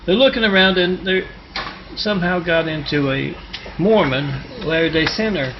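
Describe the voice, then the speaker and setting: A man rambles through a string of stories, jumping between tangents. His voice is gravelly and somewhat high for a man. It comes through a dull, lo-fi phone recording with faint noise behind it. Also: normal speed. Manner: rambling, digressive. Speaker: storyteller telling parables. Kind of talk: rambling spoken storytelling.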